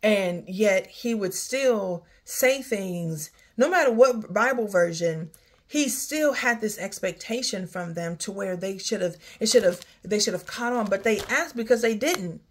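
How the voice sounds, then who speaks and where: Standing outside near her home while it starts to rain, a woman talks openly in her personal vlog, moving from problems at work to her faith with frequent sighs. She speaks unhurriedly at a medium pitch.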